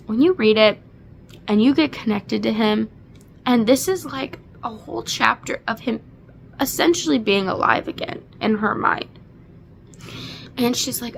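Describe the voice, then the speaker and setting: Casting a woman in her twenties for a casual book recap: slow, gushing, emotional. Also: on the high side, vocal fry, a little hiss or hum. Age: 20s. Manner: gushing and emotional, many fillers. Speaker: book reviewer.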